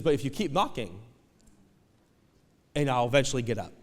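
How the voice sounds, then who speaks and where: A male pastor preaching a sermon with animated storytelling, acting out voices and swinging between soft asides and loud shouts. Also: on the high side, a little fast, long pauses, in a large hall. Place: church auditorium.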